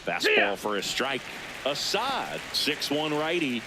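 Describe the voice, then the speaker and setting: A man voicing a video game play-by-play announcer who calls each pitch with lively energy. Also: slow pace, gravelly, background noise, heavily acted. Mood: excited.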